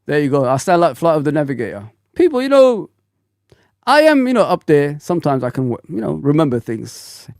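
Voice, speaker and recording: A man in his forties hosting a fan livestream, talking bluntly in an animated, ranting way full of slang. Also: a little high, fairly quick, gravelly, dry recording, studio quality. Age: 40s. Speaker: football fan channel host. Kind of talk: casual livestream rant.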